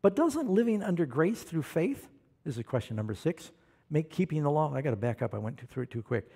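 A man preaching a sermon, animated and questioning the congregation, calling for amens. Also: fairly high pitch, fairly quick, creaky, husky. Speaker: pastor.

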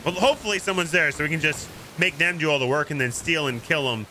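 Bright, excitable gamer man. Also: fairly high pitch, fast, slight background noise, rough recording. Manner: excitable, coaching, jokey. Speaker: streamer. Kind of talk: casual gameplay chat.

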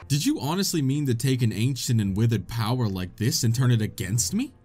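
Guy doing a pompous evil shadow king voice, low and theatrical, game villain, faint music behind. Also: expressive, brisk, dark tone, close to an everyday voice. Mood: haughty. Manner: lowered, theatrical reading of dialogue. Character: menacing male shadow king, self-proclaimed ruler.

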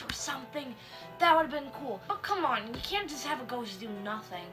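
A young woman giving a sarcastic, animated comedic commentary on a book of stories, with mock outrage. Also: high voice, moderate pace. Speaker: book reviewer. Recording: faint music underneath.

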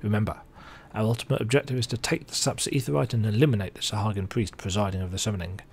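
A man's voice: fairly low pitch, steady tone, racing, husky. A man reading the lines of a stern female pirate admiral in a game, giving clipped orders. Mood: commanding.

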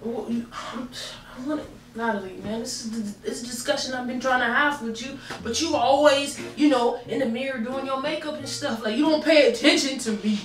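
A young woman with a naturally high voice forces it down into a swaggering, slangy tough-guy act. She sounds a little off-mic in a roomy bathroom, with faint music underneath. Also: steady tone, distant mic. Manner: tough-guy street slang, deliberately lowered voice. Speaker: prankster, co-host. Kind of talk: prank skit in character.

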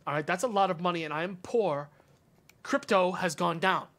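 High, bright-voiced exasperated male streamer. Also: moderate pace. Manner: exasperated, swearing, swings to sudden yells. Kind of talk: live game commentary.

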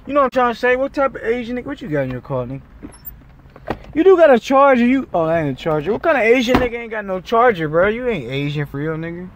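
Young male vlogger, high voice, loud exasperated rant, car with faint traffic. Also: very animated, fast, lo-fi sound. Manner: loud, exasperated, swearing, shifts pitch often. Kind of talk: casual vlog rant. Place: in a car in a drive-thru line.

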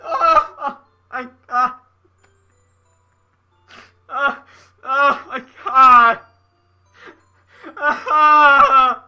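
A young streamer weeps openly, voice high, very bright and thick with phlegm. The words come out slow and drawn between sobs and shaky laughs, with faint music behind. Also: fairly even intonation. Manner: overwhelmed, sobbing and laughing, apologetic. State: crying. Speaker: game streamer. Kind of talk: live stream commentary.

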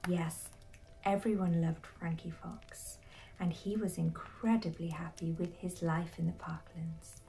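A woman narrating a bedtime story in a soft, hushed, slow whisper. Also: fairly low pitch, fairly even intonation, gravelly, distant mic, soft background music, poor audio.

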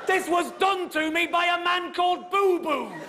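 Sweary English comedian shouting on stage. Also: male voice, extremely high pitch, moderate pace, crowd noise, noisy background. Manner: sweary, exasperated, bursts into shouting. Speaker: stand-up comedian. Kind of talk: stand-up storytelling. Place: comedy stage before a live audience. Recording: echoey live venue with loud audience. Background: audience laughter.

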